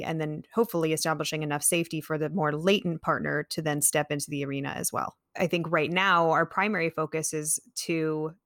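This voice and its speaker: A woman's voice: low-pitched, no echo, studio quality. A woman hosting an interview, asking long thoughtful questions and searching for words as she talks. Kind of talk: podcast interview.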